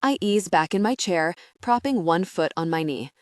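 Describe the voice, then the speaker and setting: Low-voiced woman narrating an audiobook. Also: lively intonation, normal speed, no room sound, studio quality. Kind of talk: first-person romance audiobook narration.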